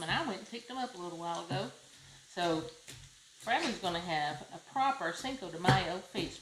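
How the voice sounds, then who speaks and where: A woman with a Southern US accent hosting a casual home cooking demonstration, chatty and folksy, exclaiming over the food. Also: on the low side. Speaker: cooking show host. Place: home kitchen. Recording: roomy kitchen with loud frying noise. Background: sizzling pan and utensil clicks.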